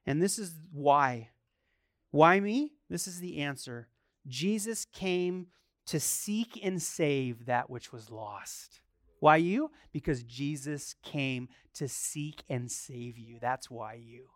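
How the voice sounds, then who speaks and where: A middle-aged man, a pastor, preaching a sermon in an animated, emphatic way, mixing chatty restarts with rising bursts of force. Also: on the high side, slow pace, no echo, studio quality.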